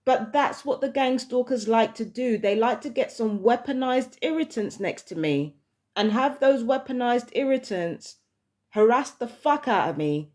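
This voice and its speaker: Brief: woman vlogger, somewhat high voice, heated profane rant. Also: darkish tone. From London, England. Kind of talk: casual monologue to camera.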